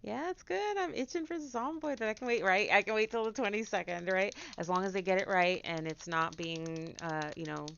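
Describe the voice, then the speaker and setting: A low, gravelly woman's voice chats easily with her stream as she paints, dropping now and then into hushed whispers. The sound is dull and lo-fi. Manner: chatty, drifts into soft whispers while concentrating. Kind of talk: casual livestream chat while painting.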